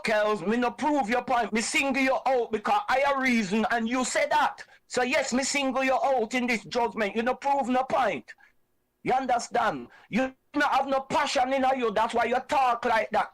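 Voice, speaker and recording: A Jamaican man hosts an online reasoning show and speaks with fiery conviction. He drives his points home by repeating them in a preaching way. His speaking voice is high for a man. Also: fairly bright tone, poor audio. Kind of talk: impassioned reasoning talk.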